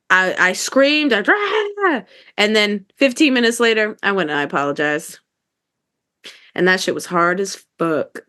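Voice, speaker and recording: A woman's voice: mid-range voice, bright, forceful tone. A woman co-hosting a podcast in casual chat, telling stories candidly and animatedly, with some swearing. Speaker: podcast co-host.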